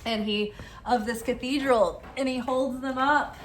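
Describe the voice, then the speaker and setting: A woman's voice: high-pitched, fairly even intonation, measured pace, a little hiss or hum. A young woman giving a casual tarot reading, tired and rambling, peppering her talk with "like". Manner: rambling, filler-heavy with frequent "like". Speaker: tarot reader. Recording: roomy echo.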